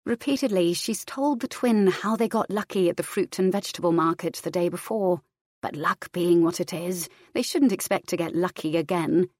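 A woman narrating fiction aloud in a measured, even storytelling manner. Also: on the low side, dry recording, clean studio sound. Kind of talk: audiobook fiction reading.

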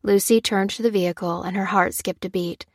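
A woman narrating an action audiobook in a steady, measured storytelling manner on a close studio mic. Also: medium pitch, dry recording. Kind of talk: scripted narration.

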